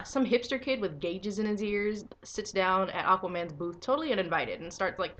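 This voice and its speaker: A young woman giving a casual video review of a comic book, excitable and swearing freely, breaking into enthusiastic squeals. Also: on the low side, muffled recording.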